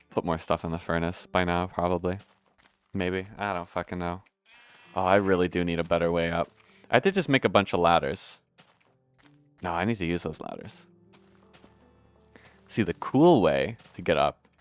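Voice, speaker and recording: A man's voice: sits low, clean tone. A young man giving casual, rambling gameplay commentary, hiccuping now and then, correcting himself and swearing offhand. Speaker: gameplay video host.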